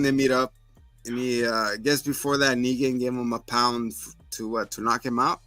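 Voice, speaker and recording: A man's voice: mid-range voice, little pitch movement, normal speed, pushed and bright, no room sound, faint music behind. A man co-hosting a podcast, casually rambling through scene recaps and acting out quotes. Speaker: podcast co-host. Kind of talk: casual chat.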